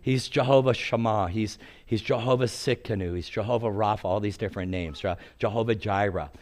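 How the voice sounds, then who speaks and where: A man's voice: fairly low pitch, brisk. Storytelling preacher man in his sixties. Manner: animated, acts out quotes, laughs at own stories. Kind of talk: storytelling sermon.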